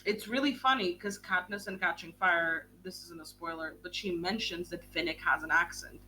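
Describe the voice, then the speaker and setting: A young woman hosting a book club stream in casual chat, talking in a quick, gushing way and swearing casually. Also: on the low side, bright, forceful tone, a little hiss or hum.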